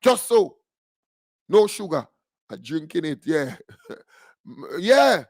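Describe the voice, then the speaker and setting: Fiery high-voiced Grenadian man ranting. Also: sing-song, slow, dry recording, clean studio sound. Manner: fiery, mocking and combative rant. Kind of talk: political radio commentary.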